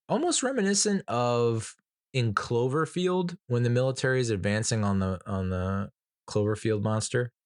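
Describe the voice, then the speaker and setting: On a cleanly recorded, dry-sounding podcast, a movie reviewer with a voice on the low side chats loosely about a film. His talk is rambling and profane, packed with fillers and false starts, and he laughs at his own jokes.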